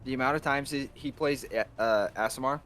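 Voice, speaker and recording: A man's voice: medium pitch, steady tone, fairly quick, fairly bright tone, faint music behind. A young man playing in a tabletop game, joking and teasing the other players. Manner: joking, laughing. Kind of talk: casual chat at a tabletop game.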